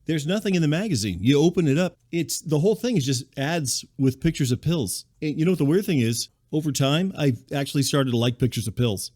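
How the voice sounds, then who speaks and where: A man in his thirties hosting a podcast, delivering a rambling, deadpan comedic monologue. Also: on the high side, a little fast, hardly any pauses. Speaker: podcast host.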